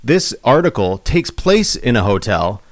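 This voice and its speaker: A man hosts a loose comedy podcast, talking in a rambling, animated way and breaking into laughs. His voice sits at a middle pitch and sounds close and dry, with no room around it. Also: unhurried, no room sound. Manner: rambling, animated, laughs often, many restarts. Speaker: podcast host. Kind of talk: casual comedic chat.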